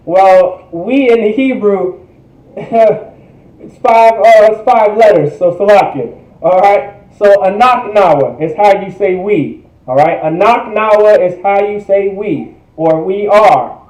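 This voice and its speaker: A man's voice: sits high, slow pace, a little mellow, reverberant, dull audio. A man teaching a livestreamed language class, repeating phrases and checking in with viewers. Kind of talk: online language lesson.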